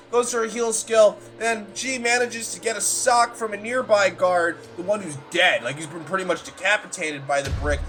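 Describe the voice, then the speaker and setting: A high-voiced man, the game master, recaps a tabletop session in a casual, rambling way, packed with filler like "like" and plenty of swearing. Every so often he bursts out suddenly and loudly.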